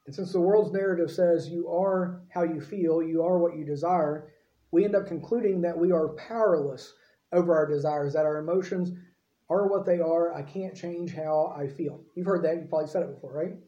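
A pastor preaches briskly in a slightly high, mellow voice with a steady tone, keeping things conversational and often checking in with his listeners. The recording has an echoey room sound and is dull and lo-fi.

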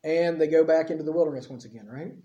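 A male preacher with a high, mellow voice teaches through scripture verse by verse. He talks conversationally, often tossing in quick tag questions. The recording is a bit dull and lo-fi. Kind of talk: expository Bible teaching. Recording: slightly dull lo-fi audio.

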